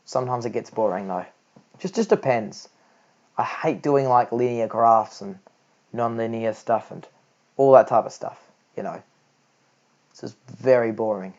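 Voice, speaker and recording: A teenage boy talks his way through a cricket match in a loose, rambling way, fixing his words as he goes. His voice has a gravelly fry, and the recording is dull and lo-fi. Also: normal speed, long pauses, darkish tone. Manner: rambling, self-correcting, low-key. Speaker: amateur cricket commentator. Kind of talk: homemade live audio commentary.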